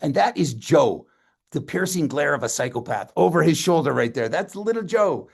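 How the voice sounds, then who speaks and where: A man's voice: fairly high pitch, animated, normal speed, vocal fry, husky. A man giving a loose, folksy, sentimental presentation on a live video call from his home office, talking the audience through slides. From Canada. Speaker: company presenter.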